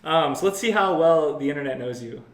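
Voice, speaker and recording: A male podcast co-host with a somewhat high voice talks quickly and jokes around, laughing often. He reads a written introduction aloud in an offhand way. The room has a noticeable echo. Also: animated. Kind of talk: casual podcast chat, reading an introduction.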